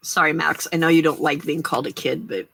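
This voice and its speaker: A woman's voice: low-pitched, fairly even intonation, quick pace, gravelly, a bit bright. An older woman hosting a casual late-night crafting livestream, chatting to viewers and getting emotional over their kindness. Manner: chatty, emotional, reacting to chat. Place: small home craft room.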